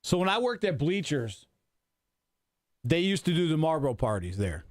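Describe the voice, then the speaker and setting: A man's voice: fairly high pitch, sing-song, normal speed. A man in his forties in loose, profane, rambling chat on a radio talk show. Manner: profane, rambling banter with restarts. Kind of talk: casual chat.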